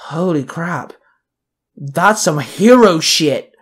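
A man's voice: on the high side, animated, normal speed, close to an everyday voice. A man voicing a blunt young street gang member in a spoken story. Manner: blunt, yelling insults.

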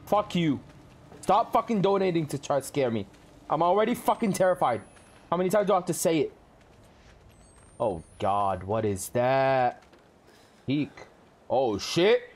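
A man's voice: fairly high pitch, big pitch swings, moderate pace, long pauses, a little mellow. Jumpy, swearing male streamer. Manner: jumpy, swearing, talks to chat. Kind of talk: live game commentary.

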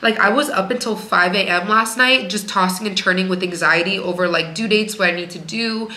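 Bright-voiced chatty woman vlogging. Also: mid-range voice, a little fast. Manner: frank, chatty, leans on "like" a lot. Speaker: vlogger and working mom. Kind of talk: candid casual vlog talk. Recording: echoey room.

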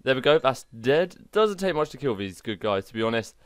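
Excitable man showcasing game mods. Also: medium pitch, fairly quick, clean tone, dry recording, studio quality. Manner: excitable, chatty, self-mocking. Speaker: gaming channel host. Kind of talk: video game mod showcase commentary.

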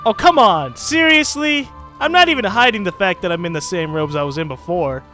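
High-voiced, animated gaming commentator. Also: male voice, fast, soft background music. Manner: rambling, jokey, swears often. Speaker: let's play host. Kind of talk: casual gameplay commentary.

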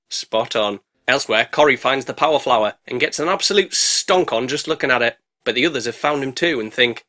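A man's voice: lively intonation, fairly quick, few pauses, pushed and bright. A British man narrating a sarcastic, jokey movie recap as a reviewer. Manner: cheeky, sarcastic, bursts into squeaky put-on voices.

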